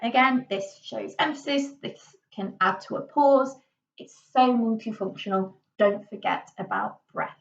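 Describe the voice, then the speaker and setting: A woman's voice: fairly high pitch, unhurried, vocal fry. A young woman explaining drama voice skills in a casual tutorial, chatty and demonstrating each one aloud. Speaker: drama teacher. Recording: slightly distant dull lo-fi mic.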